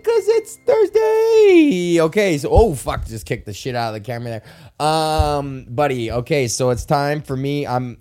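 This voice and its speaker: A young man from Canada hosting a casual solo podcast, rambling excitably and swearing often. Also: medium pitch, moderate pace, smooth, soft background music. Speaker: podcast host. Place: at home in front of a camera.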